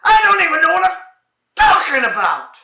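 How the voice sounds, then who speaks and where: A man voicing an excitable, flustered man who shouts in exasperation while trying to learn the players' names, in a comedy dialogue reading. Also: very high voice, echoey room, heavy background noise, exaggerated voice. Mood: exasperated. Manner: shouting, exasperated, rapid-fire.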